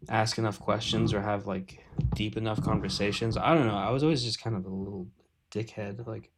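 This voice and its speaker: Brief: man in his 30s, slightly low voice, loose rambling live-stream artist chat. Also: steady tone, fairly quick, noisy background. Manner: rambling, filler-heavy, self-deprecating.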